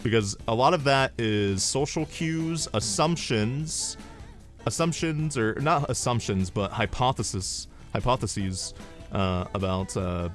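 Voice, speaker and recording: A young man streaming, telling stories in an animated, rambling way, swearing and drifting into asides. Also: fairly low pitch, a little slow, soft background music. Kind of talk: casual storytelling on a livestream.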